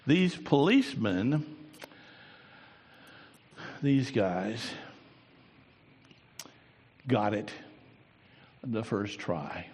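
A man preaching a sermon, swinging between quiet, drawn-out lines and loud, raised bursts. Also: fairly low pitch, sing-song, slight background noise. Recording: long hall reverb.

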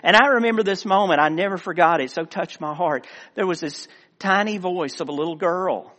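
A middle-aged man, a former pastor, preaching a sermon with earnest emphasis that swells and then drops to quiet asides. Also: sits high, brisk. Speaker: director of missions, former pastor. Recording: long hall reverb.

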